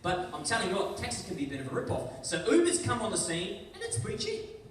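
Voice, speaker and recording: A man's voice: sits high, wildly swooping pitch, quick pace, a little hiss or hum. A man with a New Zealand accent giving a school worship talk as guest speaker, chatty and acting out little scenes in voices. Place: large school hall. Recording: echoey hall from far off.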